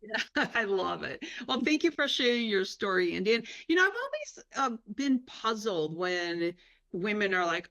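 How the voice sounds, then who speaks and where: A woman's voice: medium pitch, sing-song, moderate pace, a bit bright. A woman in her fifties hosting an interview, chatty and affirming toward her guest. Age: 50s. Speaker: podcast host. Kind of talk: conversational interview.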